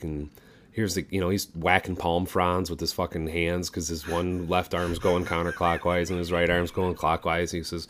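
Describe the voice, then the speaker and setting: A man's voice: low-pitched, little pitch movement, normal speed, fairly bright tone. A man co-hosting a podcast, telling a long joke in a rambling, casual way with fillers and swearing. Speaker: podcast co-host.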